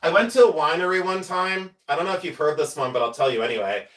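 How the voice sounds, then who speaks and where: A man's voice: on the high side, expressive, fast talker, fairly bright tone. A man in his fifties hosting a live stream, telling stories in a chatty, joking way. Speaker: host. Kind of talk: casual live-stream chat.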